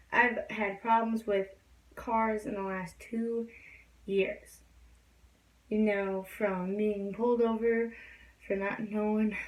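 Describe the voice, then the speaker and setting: A woman's voice: mid-range voice, a little mellow. A young woman telling a story in a casual, rambling way, full of fillers. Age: young adult. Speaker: vlogger. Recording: distant from the mic.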